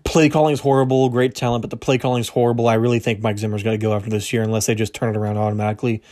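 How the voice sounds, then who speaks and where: A man's voice: medium pitch, level tone, very fast, a little mellow. A young man hosting a solo sports podcast, talking casually, correcting himself often, his voice a little strained. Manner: casual, rambling, self-correcting, laughs at himself. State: slightly strained voice. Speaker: podcast host.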